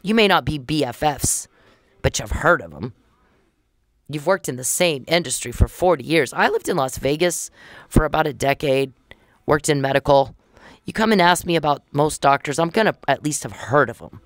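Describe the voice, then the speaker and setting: With a deep, animated voice at normal speed, a middle-aged woman hosts a podcast, casually and indignantly recounting events and performing the conversations she had in quoted dialogue. The audio is studio quality with no room sound.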